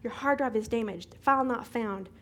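Animated woman telling a dramatic story. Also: fairly high pitch, moderate pace. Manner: animated, dramatic retelling with sound effects. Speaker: Bible study teacher. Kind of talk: storytelling testimony in a teaching.

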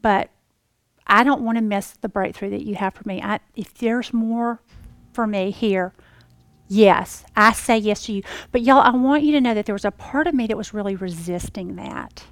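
Expressive woman telling a testimony. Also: medium pitch, moderate pace, no echo, clean studio sound. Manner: dramatic, swinging from exclamations to hushed whispers; folksy, addresses the audience as y'all. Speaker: speaker addressing a congregation. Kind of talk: personal testimony storytelling.

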